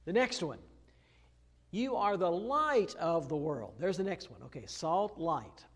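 A man's voice: high voice, big pitch swings, unhurried. A man preaching an expository sermon in a conversational way, with many fillers and restarts, pressing hard on key phrases. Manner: rises to emphatic stress on key phrases. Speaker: pastor.

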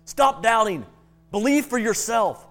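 Male preacher quoting Jesus as an urgent, earnest man, pitched high. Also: expressive, unhurried, a bit bright, soft background music, full character voice. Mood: urging.

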